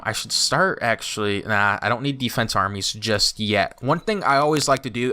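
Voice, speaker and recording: A man talking through a strategy game for his channel, chatty and thinking aloud, with bursts of excited exclaims. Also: fairly low pitch. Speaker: YouTuber playing a strategy game. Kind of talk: let's play commentary.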